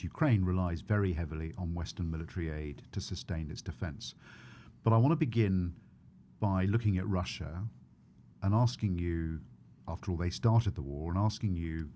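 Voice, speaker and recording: A middle-aged man, a journalist co-hosting a podcast, framing topics and questions in a brisk presenter manner. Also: low-pitched, lively intonation, warm tone, a little hiss or hum.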